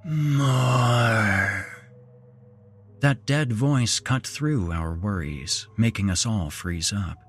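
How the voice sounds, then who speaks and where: A man narrating a horror story in a measured, dramatic scripted style, as podcast host. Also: on the low side, very animated.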